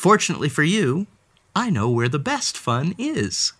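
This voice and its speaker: Telling a picture-book story to children, this storybook reader speaks in a low, very animated voice at normal speed. She's playful and dramatic, addressing the character with gasps and exclamations, while background noise runs behind her.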